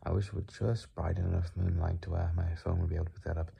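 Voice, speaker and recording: A tired young man rambling softly and unscripted into his phone in his bedroom late at night, with a soothing, unhurried voice. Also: deep voice, flat delivery, gravelly, dull audio, heavy background noise. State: tired, sleepy. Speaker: vlogger.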